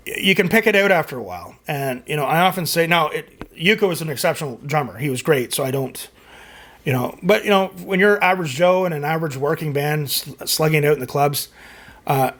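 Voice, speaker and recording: This fairly high, slightly bright voice belongs to a middle-aged Canadian man hosting a music reaction channel. He goes through viewer comments in a casual, rambling chat heavy with fillers.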